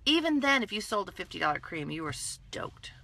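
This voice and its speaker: A woman in her fifties from California hosts a casual livestream into her phone. Her voice is bright and forceful, and she is playful and animated. She keeps breaking off to greet viewers by name. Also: mid-range voice, a little fast, creaky. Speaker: livestream host selling skincare. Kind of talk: casual Facebook Live chat.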